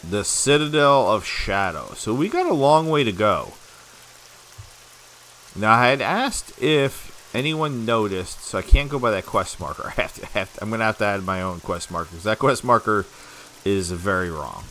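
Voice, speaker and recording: A gameplay commentator rambles through a casual let's-play, chatting to himself and laughing often. His voice sits fairly low, with lively intonation and a moderate pace, and it sounds pushed and bright.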